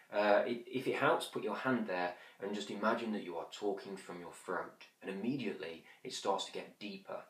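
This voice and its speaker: A hypnosis instructor with a fairly low-pitched voice teaches in a quick, conversational way, full of fillers. Now and then he slows to soft, whispery demonstrations. The recording has a roomy echo.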